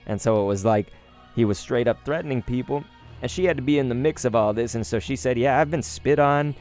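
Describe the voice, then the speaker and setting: A man casually rambling through a story, full of "like" and offhand cursing. His pitch sits in an ordinary middle range, and he swings between quiet asides and livelier bursts, with faint music under him. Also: fast talker. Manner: rambling, chatty, swears casually, lots of "like". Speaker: YouTube card-opening host.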